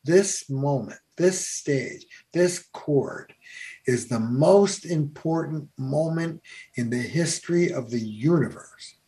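A man's voice: on the high side, slow pace. A man, a family therapist, telling stories in a podcast conversation, with lots of "uh" fillers. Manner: animated storyteller, many fillers.

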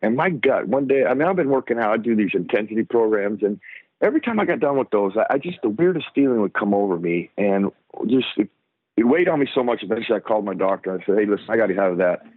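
A man's voice: lowish voice, fast talker, husky, no echo. A middle-aged man, a former football player, tells stories as a guest in a casual interview and acts out the voices of the people in them. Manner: animated storyteller who acts out the lines of others. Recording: dry, tinny phone line.

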